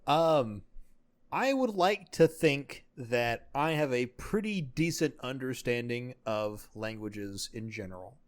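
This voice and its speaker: A man who is a podcast guest, speaking slowly at a mid pitch. He chats casually and measures his words, pausing on ums as he explains. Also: expressive.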